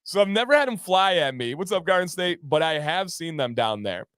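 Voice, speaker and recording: A man from Michigan hosting a casual livestream, reading viewer comments aloud and chatting in an animated way, laughing often and repeating his phrases. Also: fairly high pitch, a little fast, clean tone, no room sound, clean studio sound. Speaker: livestream host.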